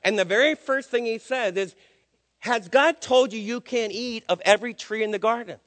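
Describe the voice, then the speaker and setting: A man's voice: very high voice, moderate pace, fairly bright tone, in a large hall. An older man preaching a sermon, emphatic and questioning his listeners.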